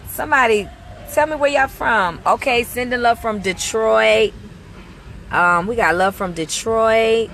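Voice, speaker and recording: A woman with a slightly high voice chats casually into her phone from a parked car outside a mall. She greets viewers by name and hands out blessings in an easy, chatty flow. Faint traffic hums in the background. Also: measured pace, gravelly, a bit bright. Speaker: ministry leader livestreaming.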